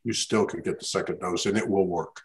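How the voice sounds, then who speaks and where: A man scientist on a panel, explaining in a measured way. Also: low voice, steady tone, low-quality recording. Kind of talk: panel discussion.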